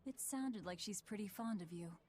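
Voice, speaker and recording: A woman's voice: medium pitch, moderate pace, a little mellow, close to an everyday voice. A woman voicing an earnest young companion in a video game.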